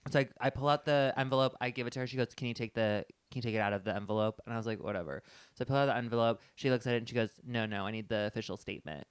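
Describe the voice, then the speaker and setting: Fast-talking young man telling a story. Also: medium pitch, clear, resonant tone, no room sound, studio quality. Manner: animated storytelling, acting out both sides of a conversation. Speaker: podcast co-host. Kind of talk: casual chat.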